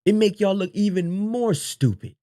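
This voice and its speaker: A man's voice: sits high, animated, moderate pace, dark tone, no room sound, studio quality. A man hosting a livestream, reacting to a clip with incredulous, mocking commentary and many repeated words. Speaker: livestream host reacting to a video.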